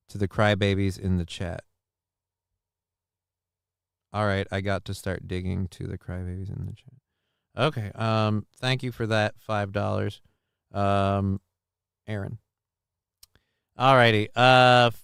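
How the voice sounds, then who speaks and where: Profane, chatty livestream host, smooth voice. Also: male voice, lowish voice, a bit bright, no room sound, clean studio sound. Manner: loose and profane, reading chat comments aloud. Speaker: livestream talk show host. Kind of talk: casual live-chat commentary.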